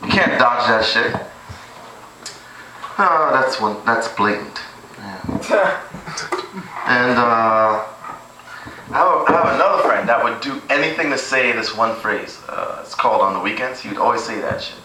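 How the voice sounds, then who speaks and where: At home, a young amateur stand-up comic rehearses crude jokes, rambling and laughing at his own material. His mid-range voice is bright and forceful, with lively intonation at normal speed. The room is echoey, he is far from the camera mic, and there is slight hiss or hum.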